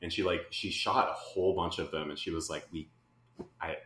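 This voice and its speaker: A man's voice: low-pitched, steady tone, fairly quick, a bit bright, a little hiss or hum. A man co-hosting a podcast, telling rambling, profane stories in casual chat. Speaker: podcast co-host. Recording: roomy echo.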